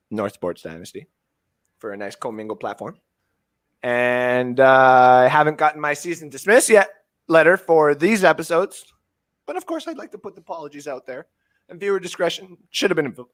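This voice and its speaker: High-voiced Canadian man ranting loudly. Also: very animated, moderate pace. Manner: loud profane ranting, swinging between shouting and muttering. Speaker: fantasy sports podcast co-host. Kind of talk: ranting podcast chat.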